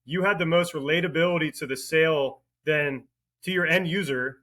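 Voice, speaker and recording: A man hosting a podcast, asking questions and responding in a relaxed, conversational way. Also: a little high, normal speed. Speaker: podcast host. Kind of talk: casual interview chat.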